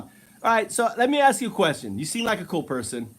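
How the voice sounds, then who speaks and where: A man's voice: high voice, wildly swooping pitch, fast, fairly bright tone. A man hosting a casual live stream, chatting with strangers in a playful, teasing way and laughing often.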